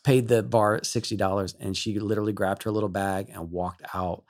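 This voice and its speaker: A male worship leader, a guest on a talk show, telling an emotional story in an animated way and laughing often. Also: on the low side, brisk.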